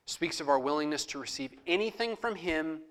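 A man's voice: fairly high pitch, lively intonation, fairly quick, fairly bright tone. A middle-aged man preaching a sermon as pastor, conversational, acting out prayers aloud in his own voice.

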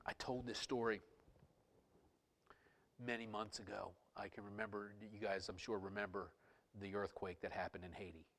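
A male pastor delivering an impassioned sermon in a somewhat low voice. He swings between loud exclamations and hushed, breathy near-whispers. In his stories he repeats words and restarts sentences. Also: level tone, normal speed, long pauses.

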